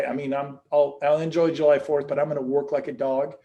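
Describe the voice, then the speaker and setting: A middle-aged man gives an energetic motivational talk, piling up restarts as he tells his stories. His voice sits a little high for a man and has a gravelly edge. He speaks as a guest on a show. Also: fairly quick. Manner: energetic storytelling with repeated restarts.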